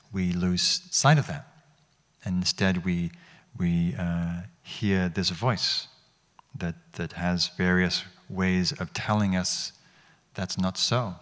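A man whose voice sits low with a fairly bright tone teaches meditation to an audience in a hall. His dharma talk is reflective, he poses questions to the listeners, and he frequently restarts phrases.

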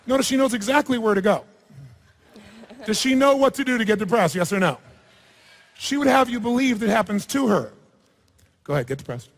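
A man's voice: high voice, lively intonation, brisk, long pauses. A man leading a live seminar, coaching a participant in front of an audience with a blunt, provocative manner and free swearing. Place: large hall with audience. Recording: long hall reverb.

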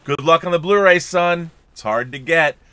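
A man's voice: a little high, moderate pace, smooth, no echo. A man co-hosting a livestream podcast, chatting casually and reading out viewer messages with playful asides. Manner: animated, reads chats aloud with playful voices. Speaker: podcast co-host.

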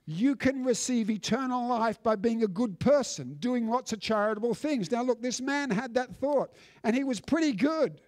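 Male pastor, sermon, high voice, emphatic, dry close sound. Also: animated, moderate pace, a little mellow, no echo. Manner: emphatic preaching with repeated restarts. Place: church.

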